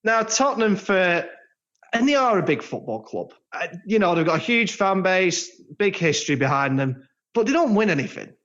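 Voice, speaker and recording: A man's voice: high voice, big pitch swings, moderate pace, fairly bright tone. An English man co-hosting a football podcast in casual, jokey chat. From England. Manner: chatty, jokey, trails into laughs. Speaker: podcast co-host. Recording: slightly dull lo-fi sound.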